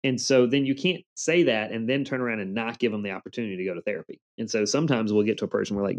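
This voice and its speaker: A man's voice: fairly low pitch, very fast, hardly any pauses, highs cut off. A man in his forties telling earnest stories in a casual interview, with a motivational tone. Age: 40s. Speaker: podcast guest.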